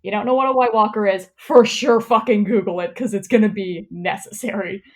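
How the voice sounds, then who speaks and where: A woman's voice: medium pitch, fairly quick. Woman, comedy podcast host: loose, profane, laughing storyteller. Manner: chatty, profane, laughs often, rambling. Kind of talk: casual comedic chat and reading aloud.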